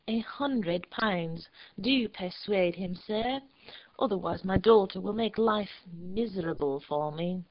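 A woman voicing a stout, wealthy gentleman who pleads slowly with weary sighs, in a storybook reading. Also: medium pitch, highs cut off.

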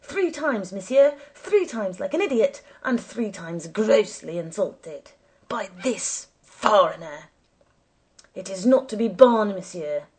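A woman's voice: mid-range voice, animated, takes it slowly, a little mellow, husky. A woman voicing an angry, grudging old male taxi driver with a thick, angry voice. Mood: indignant.

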